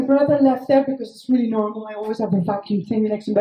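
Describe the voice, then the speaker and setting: Non-native woman storyteller, casual and foul-mouthed, dark mellow voice in an echoey room. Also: a little high, quick pace, hardly any pauses. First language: not English. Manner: swears freely, rambling with many fillers. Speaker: author telling a personal story. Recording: echoey room, faint noise.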